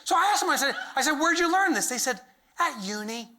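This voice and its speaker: A man giving a comedic keynote talk to a live audience, acting out little voices and shouting punchlines. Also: very high voice, fairly quick. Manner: animated, acts out silly voices, shouts punchlines. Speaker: keynote speaker. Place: large event hall with live audience.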